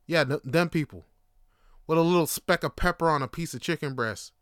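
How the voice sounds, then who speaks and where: A man hosting his show, telling a story casually, full of swearing and sudden excited jumps up in pitch. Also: a little fast, smooth, dry recording, clean studio sound. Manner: animated, profane, voice jumps high when excited. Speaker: podcast host.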